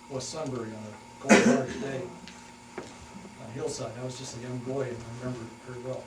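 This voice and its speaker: An older man giving a folksy talk to a local historical society, halting often with fillers as he reminisces. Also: mid-range voice. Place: hall at a historical society meeting. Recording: echoey room, distant mic, noisy.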